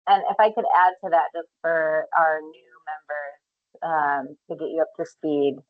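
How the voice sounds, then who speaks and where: A woman with a low voice gives a measured, explanatory update at a public meeting. She often pauses on fillers. The sound is dry and a little dull. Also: fairly even intonation, no room sound. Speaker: clean water division manager presenting at a public meeting.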